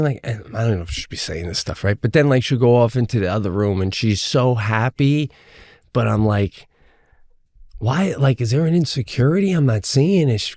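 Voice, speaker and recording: A man's voice: on the low side, dry recording, studio quality. A middle-aged man co-hosting a podcast in casual chat, laughing often and asking questions as he mimics voices in his stories. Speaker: podcast co-host.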